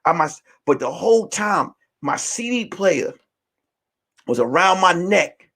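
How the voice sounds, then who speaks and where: Male streamer host: high, very lively voice, profane storyteller, from whispers to shouts. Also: slow. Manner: animated, profane, swings from hushed whispers to shouting. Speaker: show host. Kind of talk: casual storytelling on a livestream.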